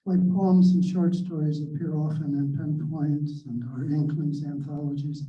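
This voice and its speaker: A man introducing himself and then reading his own blank verse poem slowly and carefully, recorded in a library. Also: a little high, flat delivery, mellow. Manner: slow, measured reading with small self-deprecating laughs. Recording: echoey and distant, dull sound.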